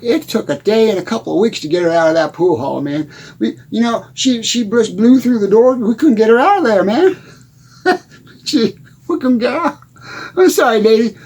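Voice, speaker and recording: A rambling, stammering country bumpkin, played by a man, tells folksy small-town tales in a comedy monologue. His voice sits high and keeps repeating and restarting words. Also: a little mellow. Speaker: comedy character host.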